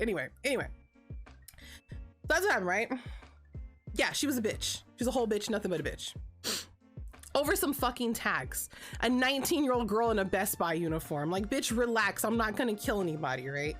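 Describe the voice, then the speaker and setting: A woman's voice: medium pitch, animated, a little fast, long pauses, soft background music. Chatty profane woman in her thirties. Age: 30s. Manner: chatty, profane, heavy filler "like". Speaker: vlogger. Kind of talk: casual storytime livestream. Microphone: streaming setup.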